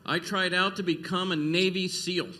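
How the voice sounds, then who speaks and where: Bright-voiced deadpan male comedian. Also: high-pitched, normal speed. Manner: deadpan one-liners. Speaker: stand-up comedian. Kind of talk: stand-up comedy set. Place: stage at a comedy club.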